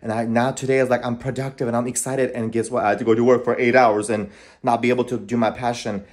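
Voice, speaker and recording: A man's voice: mid-range voice, flat delivery, fast talker, darkish tone. A young man vlogging casually from his apartment kitchen, chatty and rambling, keeps saying "you guys". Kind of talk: casual vlog chat to camera.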